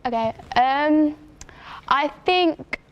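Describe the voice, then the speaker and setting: A woman co-hosting a charity stream, giving her opinions in a measured way with hesitant fillers. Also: high voice, dull audio. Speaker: stream co-host. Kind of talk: casual chat.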